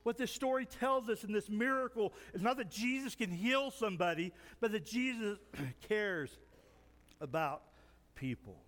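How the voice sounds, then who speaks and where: A man with a high voice preaches in a big church whose sound rings on with long reverb. He tells his stories vividly and acts out the people in them, pausing in short phrases for an interpreter. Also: animated, fairly bright tone. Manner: storytelling, acts out dialogue. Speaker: pastor. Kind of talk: sermon with an interpreter. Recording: long reverb in a large hall.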